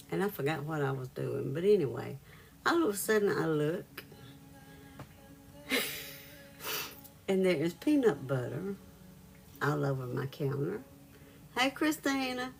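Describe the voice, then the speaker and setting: A woman's voice: fairly low pitch, gravelly, darkish tone. A woman hosting a reiki live stream, telling a story in a casual chat with viewers, laughing often and greeting them by name.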